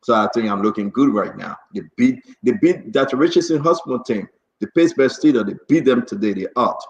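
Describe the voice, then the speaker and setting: A man's voice: mid-range voice, lively intonation, a little fast, roomy sound, highs cut off. A man hosting a live talk show, wrapping up with loose, chatty closing remarks. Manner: loose, chatty, talks over interruptions. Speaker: show host.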